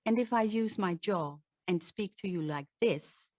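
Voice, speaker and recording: A woman's voice: mid-range voice, unhurried, hardly any pauses, darkish tone, dry recording, clean studio sound. A woman, a voice and presentation coach, giving an earnest talk with demonstrations and frequent restarts. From Netherlands.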